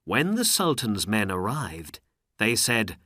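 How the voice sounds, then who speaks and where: A woman narrating a graded storybook in a slow, carefully enunciated reading. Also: rumbling low, sing-song, a bit bright, dry recording, studio quality.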